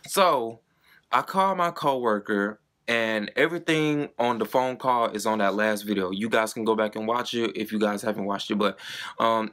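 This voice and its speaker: A man's voice: lowish voice, a bit bright. A young man, telling a personal story to camera in a chatty, dramatic way with plenty of swearing. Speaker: vlogger. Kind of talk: casual storytime monologue.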